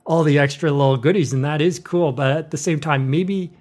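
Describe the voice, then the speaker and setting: A man's voice: fairly high pitch, fairly quick, darkish tone. A man chatting casually on a podcast, rambling from one thought to the next.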